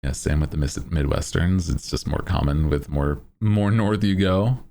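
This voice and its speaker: Man streamer, very deep voice, gravelly, slow, lively pitch, laid-back rambling chat. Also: slight background noise. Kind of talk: casual chat on a livestream.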